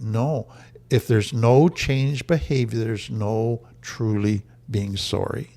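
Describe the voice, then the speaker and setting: A man with a gravelly, fry-edged voice at a middle pitch talks through a lesson on healing. He is earnest and emphatic and comes back to the same key phrases to drive them home. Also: fairly even intonation, slow pace, darkish tone. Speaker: trauma recovery teacher. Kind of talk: teaching talk to camera.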